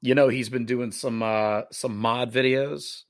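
Laid-back gravelly male guest. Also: mid-range voice, fairly even intonation, a little slow. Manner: laid-back, hesitant, many fillers, dry humor. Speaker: guest musician. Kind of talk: casual interview chat.

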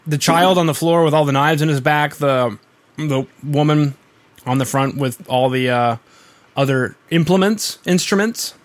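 A man from Canada hosting a podcast interview, playful and a bit halting. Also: fairly high pitch. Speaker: podcast host. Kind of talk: casual interview chat.

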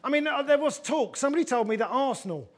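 A man with a very high speaking voice hosts a comedy football panel. He teases the panel and undercuts himself with wry asides, keeping the chat loose and joking. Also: animated, quick pace. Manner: wry, teasing, self-mocking asides. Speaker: host of a comedy football podcast.

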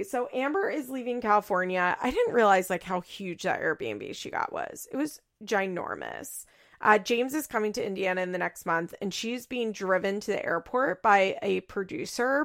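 A woman's voice: mid-range voice, no echo, studio quality. Chatty woman recapping reality TV. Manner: chatty, laughing, animated quoting. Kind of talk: casual opinionated recap.

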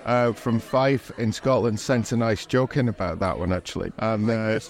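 A man's voice: fairly low pitch, moderate pace. A man co-hosting a podcast, chatting casually with many fillers and chuckles. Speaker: podcast co-host. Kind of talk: casual chat.

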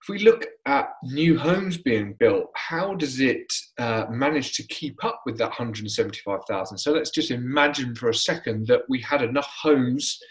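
Male podcast host from the UK, off-the-cuff solo talk, flat delivery with lots of fillers. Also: mid-range voice, normal speed, hardly any pauses, rough recording. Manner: loose, conversational, many fillers and restarts; self-described monotone. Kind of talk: unscripted solo monologue.

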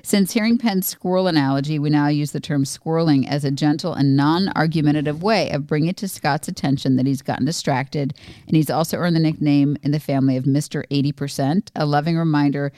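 Low-voiced woman co-hosting a podcast. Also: a little fast, warm tone, dry recording, studio quality. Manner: easygoing, teasing, reads listener questions aloud. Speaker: podcast co-host. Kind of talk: casual chat.

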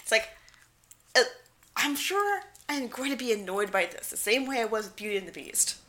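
Bright, playful woman podcaster. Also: a little high, big pitch swings, normal speed. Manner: playful, giggly, acts out quotes. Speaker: podcast co-host. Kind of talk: casual chat recapping a show.

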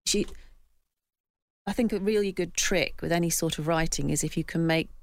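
A woman on a radio book panel, talking with growing indignation and sudden rises in pitch. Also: normal speed, dry recording. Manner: impassioned, rising pitch when indignant.

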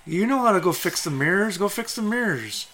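A man voicing a slow, gruff male bugbear guard who grumbles in a lowered voice. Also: animated, bright, forceful tone, heavily acted. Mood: irritated, puzzled.

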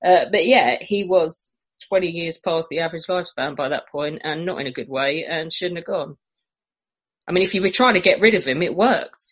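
A woman's voice: on the low side, normal speed, breathy edge, low-quality recording. A woman on a casual podcast, telling a history story in a blunt, sweary, sarcastic way. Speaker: podcast co-host presenting a history topic. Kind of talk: casual comedic podcast chat.

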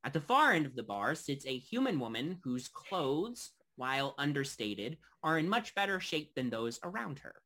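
Halting man as game master. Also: fairly high pitch, big pitch swings, bright, forceful tone. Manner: loose, halting narration with many fillers. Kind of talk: narrating a tabletop game.

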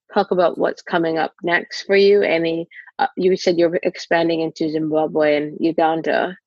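A woman's voice: lowish voice, no room sound, dull audio. A woman interviewer asking follow-up questions and giving short, encouraging affirmations.

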